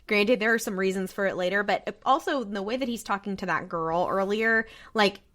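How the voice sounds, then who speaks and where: A woman's voice: medium pitch, fairly quick, a bit bright. A woman co-hosting a podcast, casually chatting with opinionated, laughing asides. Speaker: podcast co-host. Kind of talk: casual recap chat.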